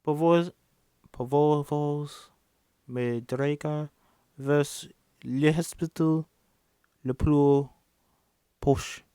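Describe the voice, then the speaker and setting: A man reading a dazed woman in halting French. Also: fairly high pitch, fairly even intonation, warm tone, clear, resonant tone, no echo, studio quality. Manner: slow, stumbling French with restarts.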